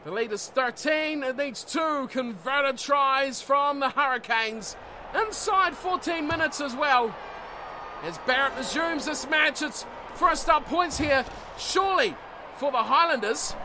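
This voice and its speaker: A man giving rugby play-by-play commentary for a video game. He surges into shouts on big plays and settles down when he breaks them down. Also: very high-pitched, expressive, a little slow, noisy background. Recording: game commentary over loud music.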